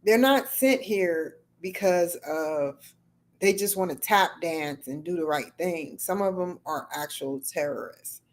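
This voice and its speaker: Middle-aged woman on a livestream, lowish voice, rambles and talks back to her chat. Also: unhurried. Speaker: livestream host. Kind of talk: casual livestream chat with viewers.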